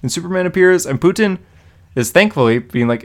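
A man's voice: sits high, animated, fairly quick. A man hosting a comic book podcast, recapping an issue in an enthusiastic, rambling way, close to his mic. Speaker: podcast host. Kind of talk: casual chat recapping a comic.

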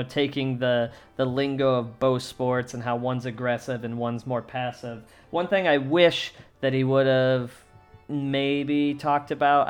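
A man's voice: mid-range voice, clear, resonant tone. A man who is a stand-up comic hosts a casual comedy podcast, rambling with many fillers and restarts, and swearing freely. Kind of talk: casual monologue.

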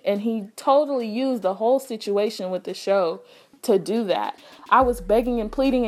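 A young adult woman hosting a casual faith talk, earnest and acting out her pleading prayers. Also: on the high side. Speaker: faith podcast host.

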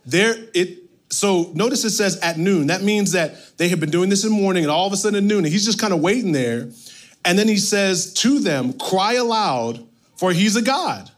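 A male pastor preaching a sermon, reading scripture and retelling it with animated, playful asides. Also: high-pitched, brisk.

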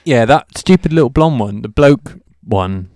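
A man co-hosting a comedy podcast, firing off crude quick-fire jokes in improvised banter. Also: medium pitch, animated, darkish tone, no room sound, studio quality.

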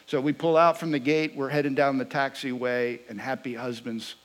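A man preaching a sermon, telling a personal story with lively swings between loud bursts and hushed asides. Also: mid-range voice, moderate pace, rough recording.

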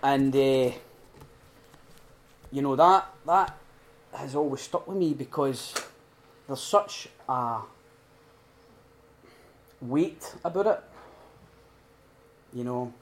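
At a recovery retreat, a middle-aged man delivers an earnest, heartfelt talk in the style of an informal sermon. His mid-range voice swings between loud emphasis and hushed, prayerful quiet, with drawn-out words and long pauses.

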